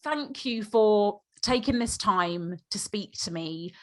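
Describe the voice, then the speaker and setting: A woman's voice: medium pitch, expressive, slow, fairly bright tone. A woman hosting a podcast interview, speaking earnestly and growing emotional. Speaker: podcast host.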